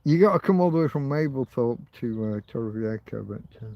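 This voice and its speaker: A man's voice: medium pitch, expressive, brisk, vocal fry, no echo, lo-fi sound. A man hosting an informal livestream, ranting heatedly and swearing, with phrases repeated for emphasis. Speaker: livestream host.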